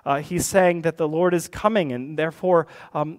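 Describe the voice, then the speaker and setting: A pastor delivers a sermon in a conversational tone, slipping in wry asides. His voice sits a touch higher than most men's. He presses into passionate emphasis on key points. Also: steady tone, normal speed, hardly any pauses.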